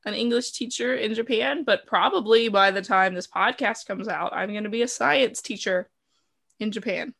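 A young woman co-hosting a podcast in casual chat, teasing and blunt with an animated delivery, recorded over a remote call. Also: mid-range voice, moderate pace, vocal fry. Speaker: podcast co-host.

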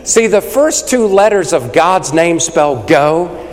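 A man preaching a sermon, rattling off lists fast and calling for responses from the congregation. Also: on the high side, lively intonation, in a large hall. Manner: rapid-fire, call-and-response with the crowd. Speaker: evangelist preacher.

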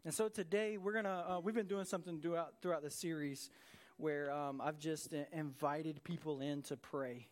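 Earnest high-voiced man preaching. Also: steady tone, normal speed. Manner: earnest, emphatic preaching with repeated phrases. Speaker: pastor. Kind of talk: sermon. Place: church service in a room.

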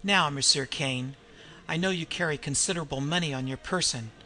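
A man's voice: on the high side, a little fast, pushed and bright, faint music behind, rough recording. A man voicing a menacing male French bandit who taunts coldly. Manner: cold and taunting.

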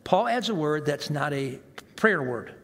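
A man preaching a sermon as pastor, animated and self-mocking, acting out the reactions he quotes. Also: a little high, unhurried. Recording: long hall reverb.

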